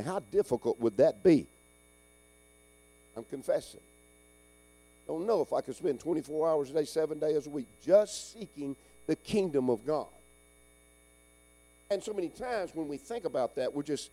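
A middle-aged man preaching a folksy call-and-response sermon, swinging between loud urging and hushed asides. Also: a little high, expressive, unhurried, pauses often. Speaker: pastor.

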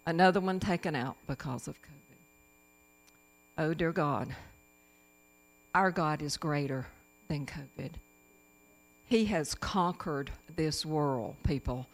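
A woman's voice: deep voice, creaky. A woman addressing a church congregation in a spirited, exclamatory testimony full of praise.

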